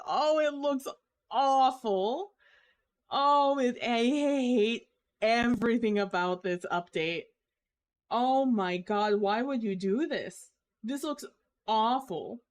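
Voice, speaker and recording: A woman streamer chatting casually to her audience, complaining dramatically with drawn-out groans and exasperated sighs. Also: fairly high pitch, expressive, clean tone. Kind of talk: casual live-stream chat.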